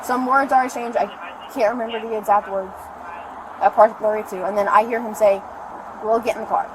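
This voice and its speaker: A woman's voice: medium pitch, steady tone, a little fast. A woman rambling breathlessly as she recounts events to police outdoors, heard through a body camera. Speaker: arrested mother. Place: outdoors by a store parking lot. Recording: noisy body cam audio outdoors.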